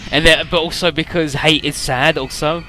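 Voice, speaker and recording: A man's voice: on the high side, steady tone, normal speed, bright, forceful tone, soft background music. A young man hosting a let's play, rambling jokily through the story, swearing and summing up the characters. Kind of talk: casual game commentary.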